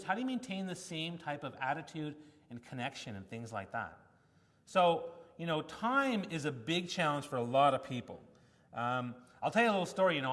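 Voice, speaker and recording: A man giving a conference talk, telling stories in an animated way and acting out quotes from the people in them. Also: a little high. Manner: animated storytelling with acted-out quotes. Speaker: keynote speaker. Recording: long hall reverb.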